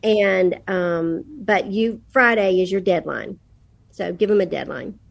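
A woman's voice: mid-range voice, takes it slowly, vocal fry, slightly rough, muffled recording. A middle-aged woman speaking as a podcast guest, giving casual parenting advice and telling stories in which she quotes her children. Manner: storytelling, quotes her kids.

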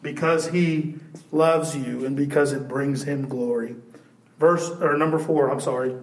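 A man preaching a sermon in a church, animated and shouting at times, then dropping to a hush. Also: on the high side, a little slow. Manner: animated preaching, swinging from loud to hushed. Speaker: pastor. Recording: echoey church room.

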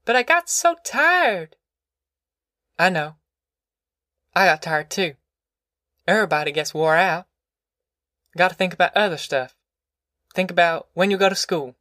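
A man's voice: high voice, lively intonation, measured pace, pauses often, bright, forceful tone, dry recording, studio quality, pitched above the performer's own voice, exaggerated voice. Man voicing a firm, tender farm mother. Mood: earnest coaxing. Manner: earnest, plain-spoken. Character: stout hardworking mother, firm but tender.

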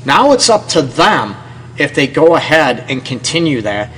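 A man's voice: fairly high pitch, very animated, normal speed, a bit bright, slight background noise, rough recording. A man hosting a relationship advice radio show, talking earnestly and often checking in with "okay?". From Detroit area. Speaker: radio show host and counselor.

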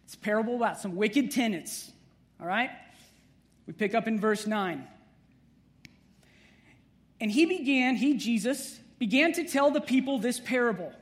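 A man preaches a conversational sermon. His voice sits high for a man. He jokes with the congregation and keeps the tone relaxed. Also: normal speed, pauses often. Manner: conversational, humorous, with playful asides to the congregation. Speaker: pastor.

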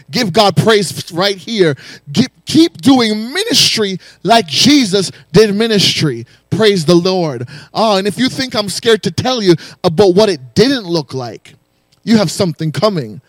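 A man preaching a sermon in a high, ringing voice. He drives his points home through repetition and calls on the congregation for praise. The sound is dry and close, with no room echo. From raised in a West Indian home. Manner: rhythmic preaching with call-and-response exhortations. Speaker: pastor.

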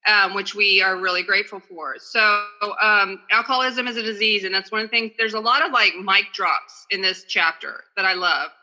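Chatty fast woman sharing at a meeting, bright sharp voice, sounds like a dull phone video call. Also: medium pitch. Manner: fast, chatty and self-deprecating. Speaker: recovery meeting speaker. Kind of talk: casual talk and reading aloud.

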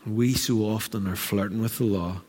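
A man preaching a sermon as pastor, animated and acting out the voices he quotes. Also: lowish voice, normal speed. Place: church hall. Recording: church hall with long reverb.

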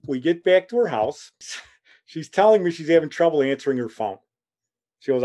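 A man's voice: a little high, moderate pace. Rambling man telling family stories. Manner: rambling, chuckling, animated quoting. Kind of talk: casual anecdotal storytelling.

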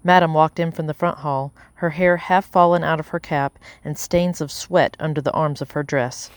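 A woman's voice: low-pitched, fairly even intonation, no room sound. Woman narrating an audiobook in a dry studio. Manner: measured, voicing characters lightly. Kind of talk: scripted narration.

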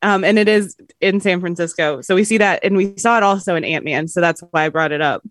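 A woman co-hosting a relaxed movie podcast, chatty and giggly. Her thoughts trail off as she talks. The sound is dry and close to the mic. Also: lowish voice, brisk, dry recording. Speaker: podcast co-host. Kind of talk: casual movie review chat.

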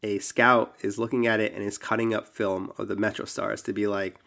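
A man's voice: on the low side, level tone, brisk, creaky, a bit bright. A man casually telling a long story on a podcast, with frequent ums and likes. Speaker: podcast host.

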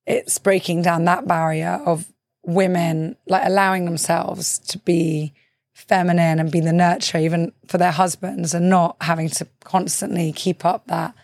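A woman's voice: on the low side, little pitch movement, moderate pace, gravelly, a little mellow, dry recording, studio quality. A woman hosting a podcast interview, asking thoughtful questions with frequent fillers and backchannels. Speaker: podcast host. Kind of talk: conversational interview.

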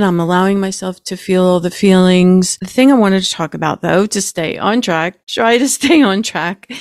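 A middle-aged woman hosting a podcast, speaking gently and with feeling, holding back tears at times. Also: fairly low pitch, no echo, studio quality. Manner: gentle and emotional, keeps herself from crying. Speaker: podcast host. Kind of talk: casual spiritual podcast talk.

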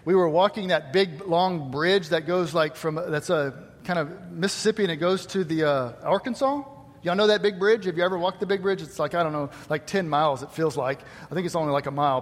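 Speaking a little fast, a middle-aged pastor with a high, light voice preaches a folksy sermon packed with jokes and asides for his congregation. His voice echoes with long reverb through a big church hall.

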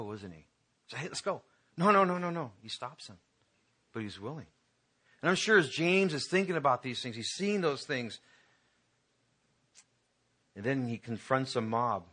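A man's voice: medium pitch, fairly bright tone. A man pastor preaching a conversational sermon to his congregation, building to emphatic peaks.

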